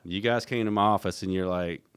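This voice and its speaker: A middle-aged man, an interview guest recounting a story in a casual, animated way, acting out what others said. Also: low-pitched, a little fast, clear, resonant tone. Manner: animated retelling, acts out quoted voices, frequent restarts. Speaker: interview guest, former team executive.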